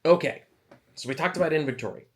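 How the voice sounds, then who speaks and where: A man's voice: on the high side, fast talker, a bit bright. A man talking casually to camera as an author giving advice, chatty and self-deprecating, wandering into asides. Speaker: author and video host.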